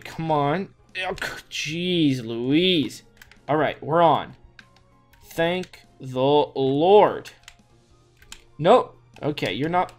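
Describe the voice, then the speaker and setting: A man giving let's play commentary, talking to himself as he plays, with lots of repeated words and sudden exclamations. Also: fairly high pitch. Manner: talks to himself with frequent restarts and exclamations. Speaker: gaming YouTuber. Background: faint background music.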